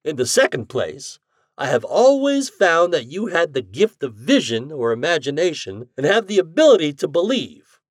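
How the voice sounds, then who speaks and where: A man reading an audiobook voices a cheerful, eccentric scientist who lectures with drawn-out emphatic stresses. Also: on the high side, big pitch swings, no echo, studio quality, voice pushed up. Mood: earnest. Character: eccentric male scientist, cheerful self-declared mad genius.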